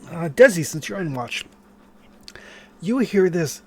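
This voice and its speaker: A man's voice: a little high, sing-song, a little slow, long pauses, darkish tone, a little hiss or hum. A man narrating a tabletop role-playing game as game master, in a loose, rambling way full of fillers.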